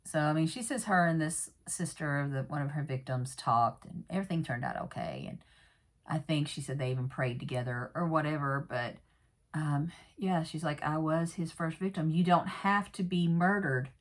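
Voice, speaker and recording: A woman with a low voice talks her viewers through a true crime episode in an easygoing way. She wanders off on asides and fillers and adds frank opinions as she goes. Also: normal speed. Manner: rambling, many fillers and asides; candid, personal commentary. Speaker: true crime recap vlogger. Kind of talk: casual episode recap.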